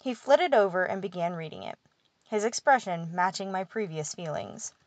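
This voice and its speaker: A woman narrating a first-person fantasy audiobook at a measured, steady pace. Her voice sits on the lower side, recorded close on a studio mic. There is no room echo at all.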